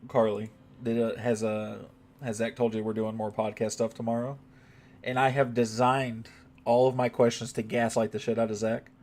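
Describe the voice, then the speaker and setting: A man's voice: medium pitch, little pitch movement, moderate pace, a little mellow. A man chatting casually on a live game stream, joking with his chat and swearing now and then.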